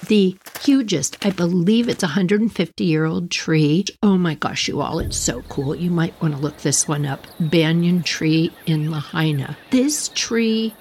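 Chatty middle-aged woman telling a story. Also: medium pitch. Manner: animated, chatty, speaks to listeners directly. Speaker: podcast host. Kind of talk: personal storytelling. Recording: loud background noise.

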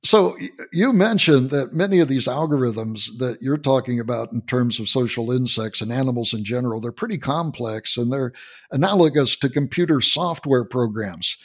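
A man hosting a podcast interview, explaining in a halting way and often restarting and repeating words. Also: mid-range voice. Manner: storytelling, earnest explaining. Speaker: podcast host.

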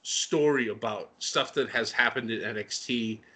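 A man chatting casually and excitedly as he recaps a wrestling show, with lots of fillers and laughter. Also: mid-range voice, a little slow. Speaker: wrestling podcast co-host.

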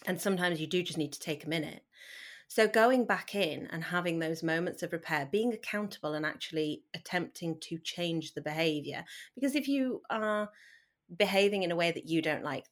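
A woman in her thirties, talking candidly and earnestly as a podcast guest, with sudden lively bursts. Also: deep voice. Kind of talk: candid conversational talk.

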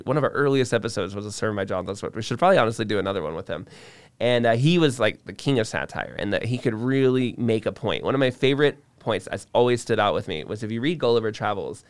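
A man's voice: lowish voice, quick pace, clear, resonant tone, no room sound. A man co-hosting a podcast, explaining his views at length in casual discussion, with frequent restarts. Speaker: podcast co-host.

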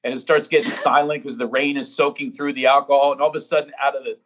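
A man's voice: mid-range voice, fairly even intonation, fast talker, a bit bright, highs cut off. A man on a comedy podcast panel, telling profane stories in a casual way. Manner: storytelling, profane, imitates drunk fans.

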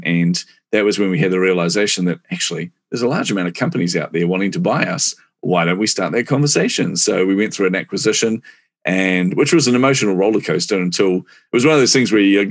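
A man in his forties with a New Zealand accent, telling his career story casually and with many laughs in an interview. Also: low-pitched. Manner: chatty, animated, laughs often. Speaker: guest, marketing executive.

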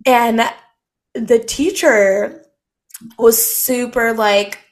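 A woman's voice: on the high side, steady tone, drawn-out words. A young woman from the United States co-hosting a podcast, chatting casually with lots of filler words. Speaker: podcast co-host. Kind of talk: casual chat.

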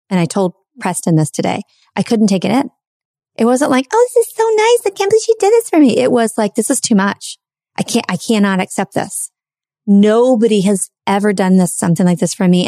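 A woman's voice: lowish voice, dark tone, dry recording, studio quality. A woman podcast host in casual conversation, telling a heartfelt personal story in a chatty way, full of fillers.

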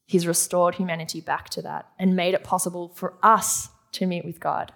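Gravelly-voiced woman preaching a sermon. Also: lowish voice, little pitch movement, moderate pace, few pauses, fairly bright tone. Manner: teaching, asks the audience questions.

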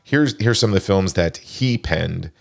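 A male podcast host with a low, creaky voice and lively intonation goes through a movie's crew credits a little slowly, keeping the talk casual and sprinkled with fillers.

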